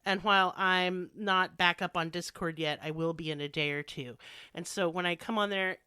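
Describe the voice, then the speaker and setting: Bright, casual American woman podcaster. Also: fairly low pitch, steady tone, normal speed, clear, resonant tone, no echo. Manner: casual, irreverent, self-deprecating, occasional swearing. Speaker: podcast host. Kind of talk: true crime podcast storytelling.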